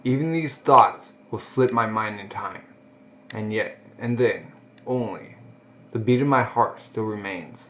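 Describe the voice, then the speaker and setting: A man's voice: fairly low pitch, unhurried, fairly bright tone, a little hiss or hum. A man reading as a grim, brooding mercenary. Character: grim battle-worn young male mercenary. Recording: dull lo-fi recording.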